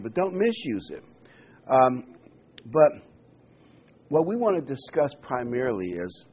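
A man preaching a sermon, reading Bible verses aloud and explaining them with lively asides and a joke. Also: medium pitch, breathy edge. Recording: dull lo-fi sound.

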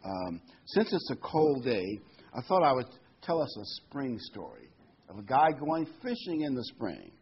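A man preaches a sermon, reading scripture and then unpacking it in plain, folksy asides. His voice is husky and mid-pitched. The recording sounds dull and lo-fi. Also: huge pitch swings, normal speed. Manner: reads verses then explains in folksy asides.

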